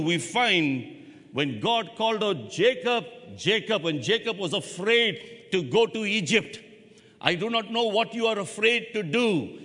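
A man preaching a sermon as pastor, with dramatic pauses and rhetorical questions put to the congregation. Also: sits high, bright, forceful tone. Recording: long hall reverb.

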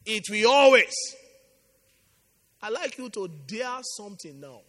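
A pastor leading a fervent prayer meeting, urging and repeating his lines, swinging from soft pleading to shouting. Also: high-pitched, a little slow, long reverb tail. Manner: impassioned, repetitive exhortation, swings from soft to shouting.

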